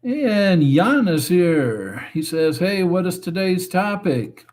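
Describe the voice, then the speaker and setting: Slow, relaxed man reading live chat. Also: high-pitched. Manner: reads chat comments aloud and answers them, relaxed and chatty. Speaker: live stream host reading viewer chat. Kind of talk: casual chat.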